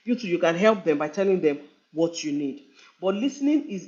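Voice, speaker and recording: A woman's voice: on the low side, lively intonation, a little fast, dark tone. A woman giving a live online talk, earnest and conversational, repeating phrases for emphasis. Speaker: relationship speaker. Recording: dull lo-fi online stream.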